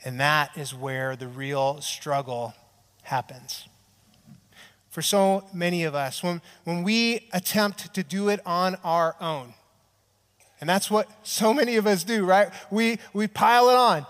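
A male pastor with a high voice, preaching a sermon in a chatty, storytelling way. He keeps checking in with the room and acts out short bits of dialogue. His voice rings with the long reverb of a large church hall. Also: a little slow, fairly bright tone. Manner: conversational preaching, tags lines with "right?", acts out quotes.

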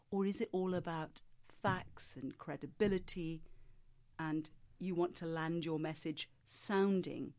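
A woman voice coach answering interview questions in a measured, explanatory way, sometimes demonstrating her own voice. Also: sits low, a little mellow.

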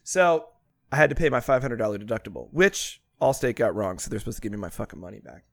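A man co-hosting a podcast, telling a story in a casual, animated way with plenty of swearing. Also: medium pitch, quick pace, gravelly, no echo. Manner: animated, profane storyteller with swinging loudness. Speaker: podcast co-host.

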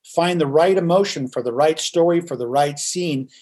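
A man speaking as a podcast guest who coaches trial lawyers in theater methods, talking in an animated, theatrical, emphatic way. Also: fairly high pitch, moderate pace. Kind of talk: podcast interview.

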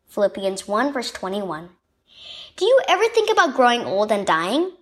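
Expressive woman reading a children's devotional. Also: medium pitch, slow pace. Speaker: devotional reader. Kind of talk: scripted narration of a children's devotional.

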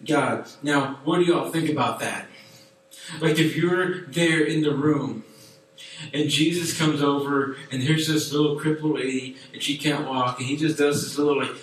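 A man preaching to a youth group in a chatty, animated way with many fillers. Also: mid-range voice. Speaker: youth pastor. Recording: echoey room from far off.

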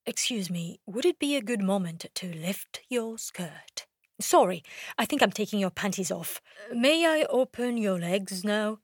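A man's voice: high voice, expressive, unhurried, no room sound, clean studio sound, heavily acted. A woman voicing a posh, awkward man who keeps apologizing and asking permission, hesitant and stammering. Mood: apologetic. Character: awkward posh pale man, overly polite in bed.

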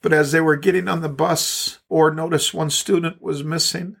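A man's voice: fairly high pitch, fairly even intonation, moderate pace, creaky, fairly bright tone, breathy edge. A man pastor delivering a podcast sermon and prayer, with a fervent, repetitive prayerful cadence.

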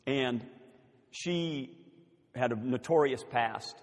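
An older man, preaching a sermon as pastor and telling a story with animated, building emphasis. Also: medium pitch, takes it slowly. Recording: long reverb of a church hall.

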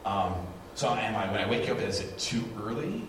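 Pastor telling stories in an echoey hall. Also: male voice, lowish voice, brisk. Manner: animated storytelling, acts out quotes. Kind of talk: sermon with live demonstration. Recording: echoey hall, distant mic, noisy.

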